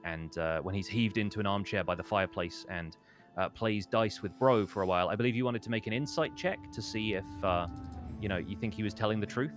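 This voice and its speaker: Lowish-voiced guy running a dnd session, loose and rambly, quiet music underneath. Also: brisk. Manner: casual, with many fillers and restarts. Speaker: dungeon master. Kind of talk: narrating a tabletop game.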